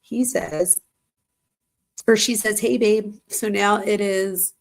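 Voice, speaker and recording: A woman's voice: mid-range voice, steady tone, slow pace, vocal fry. A woman hosting true crime commentary, chatting casually while reading text messages aloud and reacting to them.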